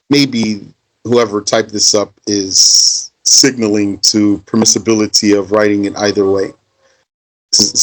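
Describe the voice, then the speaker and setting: A man's voice: medium pitch, a bit bright, poor audio. A man teaching a religious text, reading Arabic passages aloud and then explaining them in conversational, emphatic English. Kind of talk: reading and translating a text line by line.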